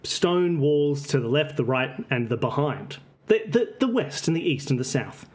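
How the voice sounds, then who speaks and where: A man's voice: fairly high pitch, big pitch swings. Jokey man running a tabletop game. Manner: jokey, rambling, quick asides. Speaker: game master. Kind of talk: narrating a tabletop game, casual chat.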